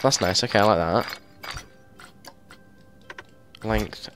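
A young man giving casual, excitable commentary as he plays a game and thinks aloud into a mic held very close to his mouth. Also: lowish voice, takes it slowly, soft background music. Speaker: gameplay video host.

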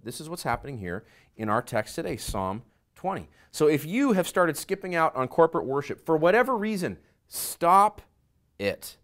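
A middle-aged man, a pastor, preaching a sermon that swings between quiet asides and loud emphasis. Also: fairly high pitch, big pitch swings, brisk.

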